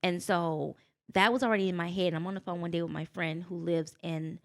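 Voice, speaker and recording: A middle-aged woman, a podcast guest, telling personal stories in an animated, expressive way, acting out quotes and speaking with faith. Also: lowish voice, fairly quick. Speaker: guest, business owner.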